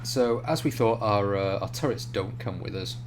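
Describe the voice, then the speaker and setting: Guy streaming a strategy game, calm tactics talk, lowish voice, loud hum behind. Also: normal speed. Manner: calm, thinks out loud about tactics, swears casually. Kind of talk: gaming commentary.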